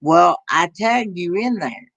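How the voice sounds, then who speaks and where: A man with a Southern accent chatting casually as host, often halting and restarting his sentences. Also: high voice, expressive, gravelly, fairly bright tone, no room sound. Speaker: YouTube channel host. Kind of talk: casual chat.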